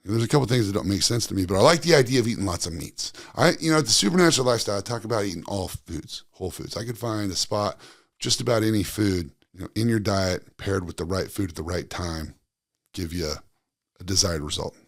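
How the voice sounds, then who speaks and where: A man's voice: on the low side, fast talker, dry recording, studio quality. A man giving a blunt, casual monologue as a wellness coach, swearing freely and talking in a loose, conversational way.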